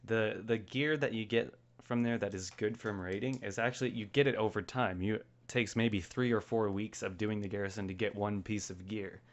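A man's voice: lowish voice, steady tone, moderate pace, few pauses. A man hosting a casual gaming podcast, laughing often and reading out listener mail. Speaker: podcast host. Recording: dull lo-fi podcast audio.

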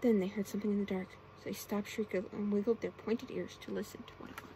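A woman reading bedtime stories aloud as whispered role-play, in a soft, hushed manner. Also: mid-range voice, fairly even intonation, fast, a little hiss or hum, rough recording. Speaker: ASMR storyteller.

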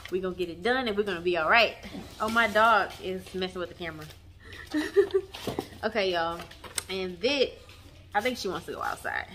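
A young woman chatting to her viewers, warm and emotional, often saying y'all. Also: medium pitch, animated, normal speed, pauses often, slight background noise. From Texas. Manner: emotional, near tears at times. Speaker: vlogger. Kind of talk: casual chat. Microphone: camera mic on tripod.

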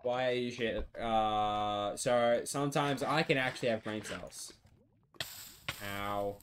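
Male game streamer, casual and sweary, playful mock outrage, mid-pitched voice. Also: steady tone, takes it slowly, a little hiss or hum. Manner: playful, sweary, theatrically indignant. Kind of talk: casual gameplay commentary.

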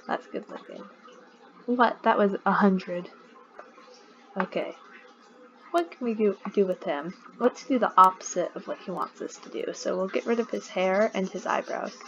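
A woman drawls through a game at an unhurried pace, laughing at her own mistakes and bantering with the characters on screen. Her voice comes through slightly muffled, with a faint hiss underneath. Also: mid-range voice. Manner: giggly, chatty, talks to the game characters. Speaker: let's play gamer. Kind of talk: casual gameplay commentary.

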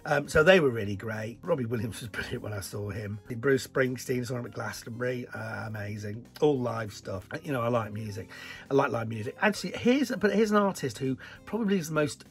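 A middle-aged man from the north of England talks through viewer questions in a relaxed, chatty way. His voice has a gravelly edge and an animated, joking manner. Faint music plays underneath. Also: medium pitch, a little fast. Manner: chatty, animated, jokey asides. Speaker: presenter answering viewer questions. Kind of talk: casual Q&A chat.

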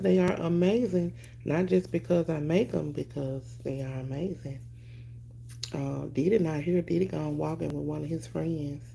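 A woman's voice: low voice, creaky, dark tone, a little hiss or hum. A woman hosting a casual live stream at home on her phone, greeting viewers by name and swearing casually.

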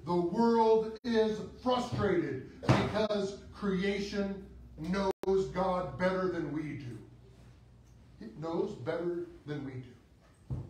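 A man, a priest, delivering a sermon with slow, dramatic preaching that rises and falls sharply. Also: sits high. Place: church. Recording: echoey church, voice from far off.

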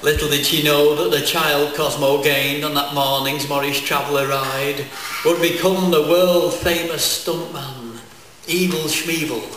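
A man reciting comic verse live on stage at a folk festival, with a deadpan delivery full of wordplay. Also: fairly high pitch, unhurried, noisy background. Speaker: comic poet. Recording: echoey live hall, distant mic.

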